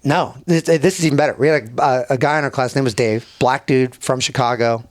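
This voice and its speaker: A man guesting on a podcast, telling a story in casual chat, animated and profane, often laughing as he goes. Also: medium pitch, a little fast, no echo, studio quality. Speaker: podcast guest, former Navy bomb disposal tech. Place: podcast studio.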